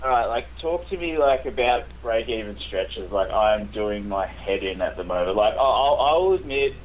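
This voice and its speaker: A man's voice: fairly low pitch, a little hiss or hum. Australian male poker guest, casual and hesitant, dull lo-fi recording. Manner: chatty, hesitant, filler-heavy. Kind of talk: casual chat.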